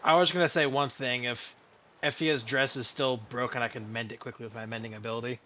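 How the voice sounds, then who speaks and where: Male player, mid-pitched voice, offhand casual chatter. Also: fairly even intonation, fairly quick, bright, forceful tone, slight background noise. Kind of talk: casual tabletop role-play.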